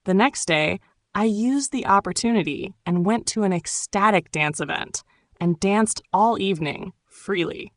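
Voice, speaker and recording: A woman from Turkey, narrating her own memoir audiobook in a calm, reflective storytelling manner. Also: medium pitch, a little slow.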